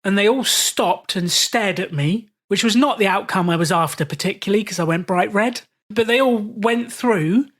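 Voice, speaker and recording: Animated British man telling stories. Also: high voice, moderate pace. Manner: animated, acts out quoted voices. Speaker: podcast host being interviewed. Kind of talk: storytelling in casual conversation.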